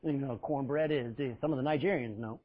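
Husky-voiced preacher on a tinny line. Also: male voice, medium pitch, fast talker. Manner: emphatic, swings between loud and quiet. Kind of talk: sermon. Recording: tinny phone-like sound.

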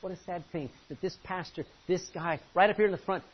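A male pastor preaching a sermon from the front of a church, impassioned, swinging from loud pleading to low intensity. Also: a little fast, hardly any pauses, breathy edge. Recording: dull lo-fi recording with faint hiss.

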